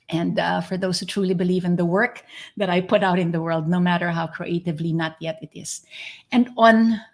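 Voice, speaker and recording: A woman hosting her own podcast, her voice sitting a little low. She talks earnestly and reflectively, and she turns effusive when she praises her guests. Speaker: podcast host. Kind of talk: podcast intro and interview.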